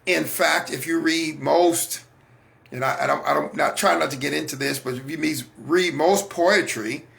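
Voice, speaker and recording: Gravelly, bright-voiced man musing aloud. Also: a little high, normal speed. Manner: conversational, asks the audience rhetorical questions; repeats and restarts words. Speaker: host of a faith talk broadcast. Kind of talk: casual spoken monologue.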